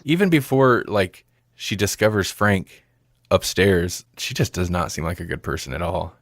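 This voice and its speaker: Casting: male podcast co-host, low voice, rambling and laughing, dry close mic. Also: expressive, moderate pace, no echo. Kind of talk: casual movie review chat.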